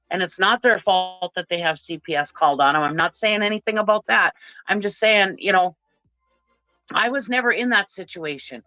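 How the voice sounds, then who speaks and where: A woman's voice: mid-range voice, bright, forceful tone, dry recording, highs cut off. A middle-aged woman from Minnesota, ranting with passion as a guest on a livestream panel. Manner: impassioned, ranting.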